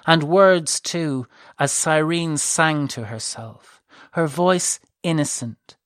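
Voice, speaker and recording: This fantasy novel is read as a scripted audiobook at a medium pitch, the pacing slow and deliberate and the phrasing steady and measured. The sound stays close and fully dry, without any room or echo around it.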